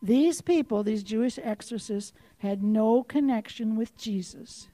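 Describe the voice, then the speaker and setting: High-voiced woman preaching with fervor. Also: fairly even intonation, a little slow, no echo. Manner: impassioned, rising to forceful outbursts; direct, questioning the listeners. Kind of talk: sermon.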